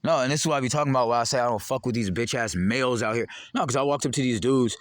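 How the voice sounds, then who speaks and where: A man's voice: mid-range voice, racing, no echo. Heated rambling Bay man, dry sound. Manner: heated, rambling, profane, jumping between topics. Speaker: vlogger. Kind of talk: ranting monologue to camera.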